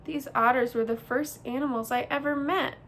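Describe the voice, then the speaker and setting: A woman voicing a friendly female robot in a storybook reading, speaking with measured, formal politeness. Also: high-pitched, fairly even intonation, fairly bright tone, slight background noise.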